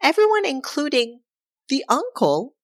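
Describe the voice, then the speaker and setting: A woman's voice: high voice, no room sound. A woman co-hosting a podcast, casually recapping a film's plot in a loose, irreverent way and briefly acting out characters' lines. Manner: animated, acts out characters' lines in quick put-on voices; loose and irreverent, with frequent fillers and profanity. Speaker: podcast co-host.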